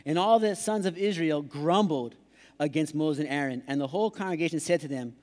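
High-voiced pastor preaching in a hall. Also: male voice, fairly quick, darkish tone. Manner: playful, acts out excuses in put-on voices. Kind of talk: sermon. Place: large church hall. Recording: live church hall reverb.

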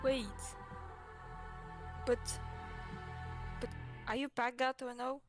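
A woman's voice: sits high, flat delivery, slow pace, over music. A woman streamer talking in a flustered, stammering way.

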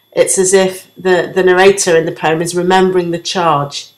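Female teacher, low-pitched and explanatory, exam revision lesson in a reverberant room. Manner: clear, explanatory, sings out the rhythm.

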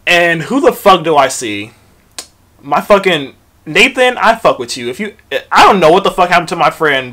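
A young man telling a storytime vlog, profane and animated, acting out quotes from the story. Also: fairly high pitch. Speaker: vlogger.

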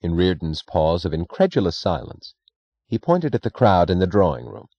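A man narrating a novel as an audiobook in a measured, steady way. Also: deep voice, dry recording. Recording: dry, dull lo-fi recording.

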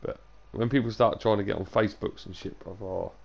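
A young man with a low, gravelly voice rambles casually to his live stream audience. He is tired and talks loose and sweary between bits of gameplay. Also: fairly even intonation, a little fast. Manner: loose, sweary banter to chat, drifting into sing-song and whispers. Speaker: game streamer.

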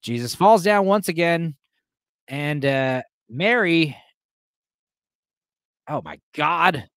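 A man rambles through a relaxed watch-along commentary, trading jokes with his chat and filling gaps with plenty of ums. His pitch swings up and down with lively energy. The sound is dry and close. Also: slow, no room sound. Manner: joking, rambling, addresses the chat with many fillers. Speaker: host reacting to a film for a live chat.

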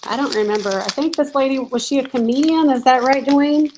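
A woman's voice: sits high, fairly quick, a little mellow, a little hiss or hum, low-quality recording. Chatty woman on a home live stream. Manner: chatty, giggly, reads viewer comments aloud. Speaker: reseller vlogger. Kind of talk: casual live-stream chat. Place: home, in a room with barking dogs.

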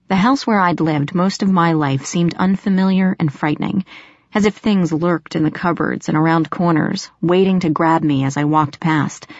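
Female audiobook narrator, first person; lower voice, tense and sharp-edged, close dry recording. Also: creaky, no room sound. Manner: tense storytelling, sharp snapping in dialogue. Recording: slightly dull lo-fi audio.

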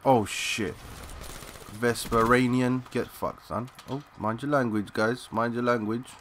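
Excitable young man narrating his gameplay. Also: medium pitch, a little slow, slight background noise. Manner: excitable, swears, talks to teammates in slang. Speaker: gaming channel host. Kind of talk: live gameplay commentary.

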